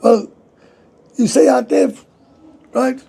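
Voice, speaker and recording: A man's voice: extremely high pitch, steady tone, slow, dark tone. A tired man with a Welsh accent, chatting casually on his livestream, slangy and swearing, reading out viewer comments. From Wales. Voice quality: gravelly, husky voice. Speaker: livestream host. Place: indoors, sitting with a coffee.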